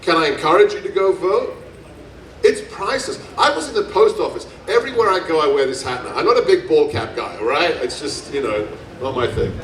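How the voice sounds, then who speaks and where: A man's voice: fairly high pitch, very animated, brisk, a little hiss or hum. Man giving an emphatic rally speech. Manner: emphatic, storytelling, repeats phrases for effect. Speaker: speaker at a gun rights festival. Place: outdoor festival stage. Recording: echoey, distant PA sound.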